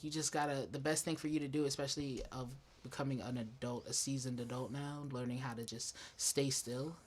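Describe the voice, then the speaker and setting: A man's voice: on the high side, fairly bright tone, a little hiss or hum. Candid young man from Staten Island. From Staten Island, New York. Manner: candid, reflective, swears freely, slips into quoted inner voices. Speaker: independent musician guest. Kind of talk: casual conversational interview. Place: radio studio.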